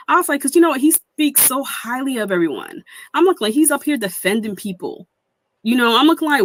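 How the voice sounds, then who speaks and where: A woman's voice: high-pitched, big pitch swings, fairly quick. A young woman streamer giving heated commentary, indignant and swearing, mimicking people she quotes.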